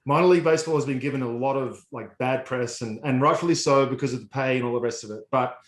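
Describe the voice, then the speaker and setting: A man's voice: mid-range voice, fast talker. Older aussie guy cohosting a podcast, jokey and self-mocking, roomy echo. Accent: Australian. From Australia. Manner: joking, self-deprecating. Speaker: podcast co-host, former baseball player. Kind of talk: casual podcast chat.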